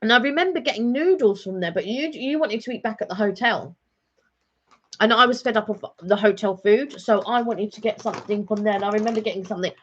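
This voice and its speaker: A woman's voice: mid-range voice, quick pace. Chatty woman on a lo-fi stream. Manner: chatty, rambling, many ums and restarts. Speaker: vlog co-host. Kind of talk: casual live-stream chat. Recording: dull lo-fi home stream audio.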